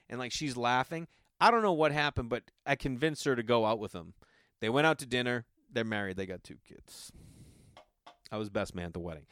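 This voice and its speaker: Animated man spinning a wild story. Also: brisk, clean tone, no room sound, clean studio sound. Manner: animated, acts out quoted friends with big pitch jumps. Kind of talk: storytelling stand-up.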